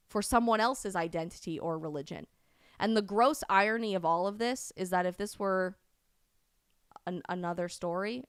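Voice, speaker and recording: A woman hosting a live stream, delivering impassioned commentary that rises to loud, indignant peaks. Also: fairly low pitch, clear, resonant tone, no echo, studio quality. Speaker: host of a live stream show.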